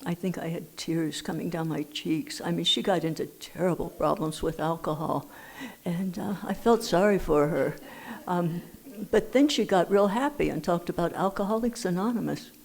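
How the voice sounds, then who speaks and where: A woman's voice: lowish voice, normal speed, gravelly. An older woman from Los Angeles telling her recovery story at a meeting, with dry humor. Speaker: AA speaker. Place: meeting hall.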